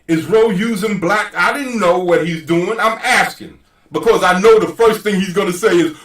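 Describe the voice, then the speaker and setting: A man's voice: high-pitched, moderate pace, a bit bright, reverberant, far from the mic. A man hosting his own channel in a heated casual rant, profane, emphatic and argumentative. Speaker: channel host.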